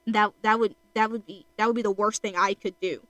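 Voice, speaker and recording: A woman's voice: mid-range voice, steady tone, a little fast, a bit bright, no echo, lo-fi sound, close to an everyday voice. A woman voicing a grieving, obsessive male skeleton who swings between stammering pleas and furious outbursts. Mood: pleading.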